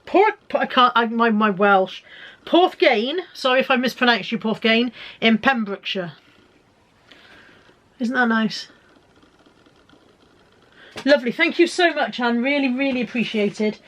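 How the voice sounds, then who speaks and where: A woman's voice: a little high, normal speed, long pauses, a bit bright. A middle-aged woman chatting casually and joking at her own expense while unboxing parcels. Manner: chatty, self-mocking, fiddling with packages as she talks. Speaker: vlogger.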